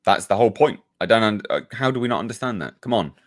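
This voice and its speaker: Ranting profane British man, lively pitch. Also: fast talker. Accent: British English. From United Kingdom. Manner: ranting, profane, animated storytelling. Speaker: YouTube reviewer hosting a live hangout. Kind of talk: casual live-stream chat reading viewer comments.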